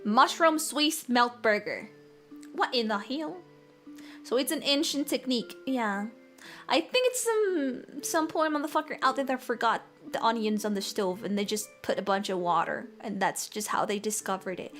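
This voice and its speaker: A woman's voice: fairly high pitch, lively intonation, normal speed, fairly bright tone, faint music behind. A young woman chatting casually on a cooking stream, rambling and giggling often.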